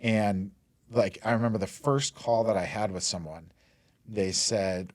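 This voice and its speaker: Speaking at a measured pace in a voice on the low side, this forties-aged mortgage lender from Denver, USA, is a guest spinning casual stories in an interview. His telling is rambling and loose, packed with "like" and "you know," and he's quick to laugh.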